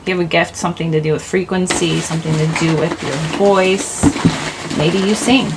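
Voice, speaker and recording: A woman's voice: fairly low pitch, fairly even intonation, moderate pace, heavy background noise. A woman giving a casual tarot reading at home into a microphone, rambling and chatty, laughing at herself. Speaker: tarot reader. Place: home, indoors. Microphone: desk microphone.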